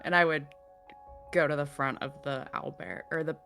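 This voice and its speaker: Woman, tabletop player, blunt, casual, bright tone. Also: low-pitched, fairly even intonation, normal speed, vocal fry, faint music behind.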